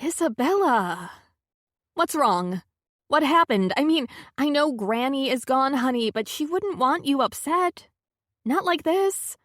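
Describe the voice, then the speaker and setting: Stern bossy girlfriend in an audiobook, firm and pushy, pitched high with brisk questions, as the woman narrator puts her on. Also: expressive, no echo, clean studio sound. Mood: stern concern. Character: stern, caring woman friend, bossy and protective.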